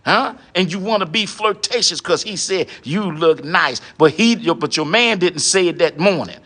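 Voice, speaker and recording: A middle-aged man delivers a preachy monologue. His voice sits high and bright. He lectures through a string of rhetorical questions, often with a pointed "huh?". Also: normal speed. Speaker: online commentator addressing women.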